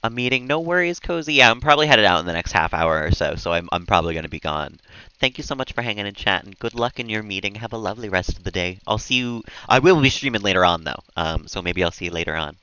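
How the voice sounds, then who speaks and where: Deep, lively man chatting on stream. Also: fast talker, smooth, no room sound, dull audio. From United States. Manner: chatty, laughs often, reads out chat messages. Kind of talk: casual chat with viewers while gaming.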